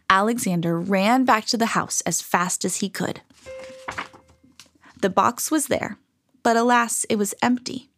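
A woman reading a children's storybook aloud in an expressive, animated way. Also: mid-range voice, slight background noise.

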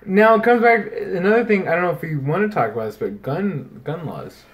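A man co-hosting a podcast in casual chat, rambling and animated, swearing freely. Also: sits high, a little fast. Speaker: podcast co-host.

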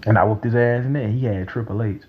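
A young man talking in a casual, rambling monologue, excitable and profane, breaking into loud laughs. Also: fairly low pitch, fast talker, narrow, tinny audio. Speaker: vlogger.

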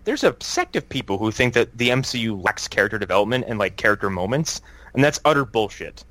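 A young man co-hosting a podcast in casual chat, animated and swearing freely, acting out quotes as he talks. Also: fairly low pitch, fast talker, no room sound. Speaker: podcast co-host.

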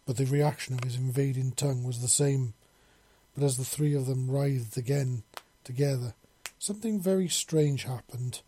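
A man narrating a fantasy novel as an audiobook in a steady, measured way. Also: medium pitch, slight background noise. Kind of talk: audiobook reading of a fan novel.

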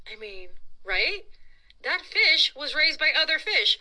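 Animated woman reading a kids' story. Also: high voice, takes it slowly, poor audio. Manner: expressive, playful, dramatic. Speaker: children's storyteller host. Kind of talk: animated read-aloud storytime.

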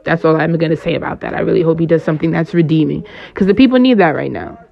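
A woman with a low, gravelly voice holds forth on the stars in a loose, slangy ramble, swearing freely and laughing often. The recording sounds muffled and lo-fi. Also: fast talker. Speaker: astrologer. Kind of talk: casual astrology chat.

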